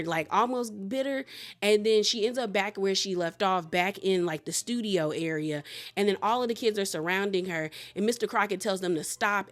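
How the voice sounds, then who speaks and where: Woman, mid pitch, casual movie recap, animated and colloquial. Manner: animated, colloquial, laughs at the plot. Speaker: movie reviewer.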